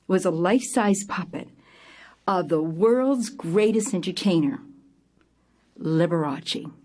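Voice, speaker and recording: An older woman telling a personal story to an audience, lively and animated, acting out scenes with sudden jumps in pitch and loudness. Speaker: theater company founder telling her story.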